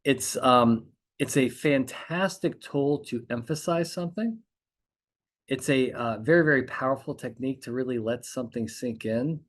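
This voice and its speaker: A man's voice: mid-range voice, moderate pace. A man hosting a podcast, coaching lawyers on courtroom speaking in an emphatic monologue. He repeats his points and keeps checking in with "okay?". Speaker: trial consultant podcast host.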